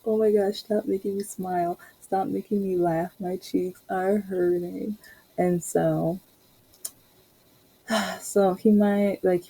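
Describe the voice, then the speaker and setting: A woman's voice: on the low side, warm tone, rough recording. A young adult woman hosting a podcast, chatting casually and rambling through a personal story with frequent laughs. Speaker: podcast host.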